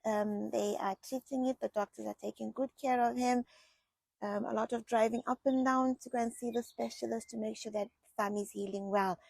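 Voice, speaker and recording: A middle-aged woman from England telling personal family stories in a chatty, animated vlog style, often repeating herself. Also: fairly high pitch, a little fast, gravelly, dry recording. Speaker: vlogger. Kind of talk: casual personal storytelling.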